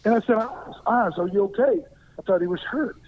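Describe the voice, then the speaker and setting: An older man from Arkansas, a former pro football player, telling a lively story as an interview guest and acting out what people said. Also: high voice, brisk. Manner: lively anecdotal storyteller who acts out quoted lines. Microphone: phone. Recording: tinny phone line.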